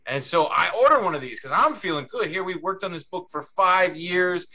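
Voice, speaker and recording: Bright, high-voiced man telling a story. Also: moderate pace. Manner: animated, chatty, with restarts. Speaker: book co-author. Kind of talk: anecdotal storytelling on a panel.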